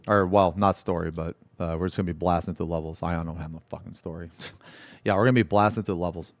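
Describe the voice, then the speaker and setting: A male streamer talks off the cuff to his chat, circling back on himself and swearing freely. His voice sits on the lower side and sounds dry and close to the mic. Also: fairly even intonation, fast, no echo. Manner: rambling, laughing, swears a lot. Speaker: livestreamer. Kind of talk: casual livestream chat.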